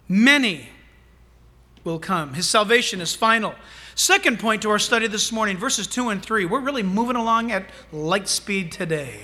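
Animated high-voiced male pastor preaching. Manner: animated, humorous preaching with asides. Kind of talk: sermon.

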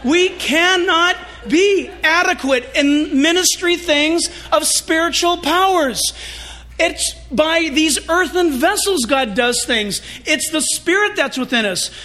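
A male pastor preaching a sermon in an animated, joking and confessional way. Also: extremely high pitch, slow pace.

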